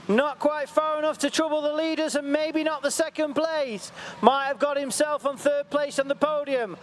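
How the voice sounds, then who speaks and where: A man giving excitable, jokey live commentary at an outdoor event. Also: very high voice, normal speed. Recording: faint outdoor background noise.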